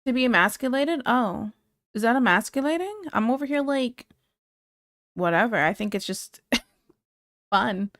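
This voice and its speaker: A woman's voice: a little high, animated, moderate pace, long pauses, fairly bright tone, no echo, studio quality. Blunt, laughing woman streamer. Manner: blunt and candid, laughs often. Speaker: live streamer. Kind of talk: casual chat reacting to viewer comments.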